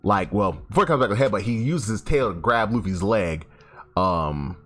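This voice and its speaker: Man, low voice, lively intonation, casual swearing, faint music behind. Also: moderate pace. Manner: animated, swears freely, frequent restarts. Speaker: YouTube host. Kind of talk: casual comic chapter recap. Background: faint background music.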